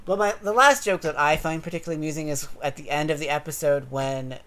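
A man's voice: fairly high pitch, quick pace, clear, resonant tone. A man co-hosting a podcast, talking through an episode in casual chat with thoughtful, academic phrasing and bursts of laughter. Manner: animated, laughs while making points. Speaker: podcast co-host.

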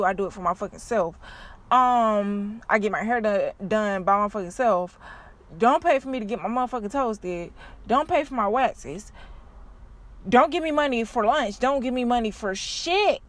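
A young woman, ranting bluntly and profanely to her viewers in a casual vlog. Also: a little high. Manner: blunt, profane, animated storytelling. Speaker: vlogger. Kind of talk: casual unscripted rant to viewers.

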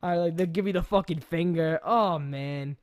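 A woman hosting a casual podcast who tells stories in an animated way and swears a lot. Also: on the low side, normal speed. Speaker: podcast host. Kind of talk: casual chat.

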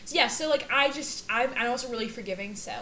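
A woman's voice: fairly high pitch, fast talker, a bit bright, a little hiss or hum. A teenage girl co-hosting a casual chat, bubbly and giggly as she tells stories. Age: teens. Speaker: co-host.

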